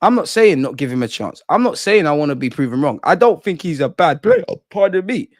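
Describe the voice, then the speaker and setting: High-pitched, ranting man. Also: brisk, no echo, studio quality. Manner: animated, profane, exasperated ranting. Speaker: fan channel host. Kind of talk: ranting fan commentary.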